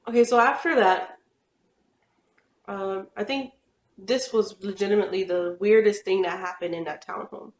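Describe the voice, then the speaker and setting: A woman's voice: mid-range voice, fairly even intonation, moderate pace. A young woman telling personal stories in a rambling, chatty way, with lots of fillers. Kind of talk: casual storytelling. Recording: echoey room.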